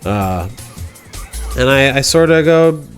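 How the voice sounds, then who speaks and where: A man's voice: mid-range voice, lively intonation, slow, faint music behind. A man hosting a game livestream, telling a goofy story in casual slang, rambling with restarts. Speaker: livestream host.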